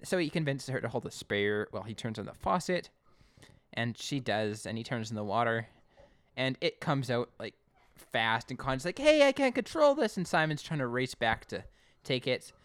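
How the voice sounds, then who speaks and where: A man casually recapping an episode as a podcast co-host, chatty and animated. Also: medium pitch, normal speed, no echo. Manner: chatty, animated storytelling with acted quotes.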